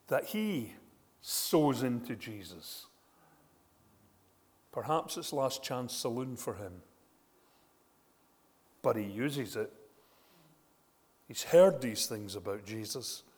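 Man, sermon, lively storytelling, rhetorical questions, hall reverb. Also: medium pitch. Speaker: preacher.

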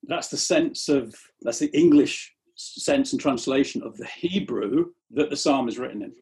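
A man's voice: mid-range voice, moderate pace, darkish tone. A man preaching a sermon in an earnest tone, often repeating the first words of a phrase as he starts it.

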